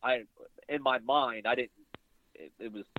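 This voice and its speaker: A young adult man telling a long hunting story in a casual interview, rambling and animated, acting out the things people said to him. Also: mid-range voice, a little slow. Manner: rambling, animated retelling with quoted dialogue. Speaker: bowhunter guest. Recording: phone-like line, very dry.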